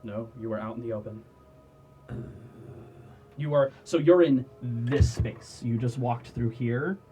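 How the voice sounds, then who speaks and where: A man's voice: mid-range voice, a little slow, mellow, faint music behind. A man running a tabletop game as game master, narrating scenes and often laughing at the table. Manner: laughs often, apologetic asides.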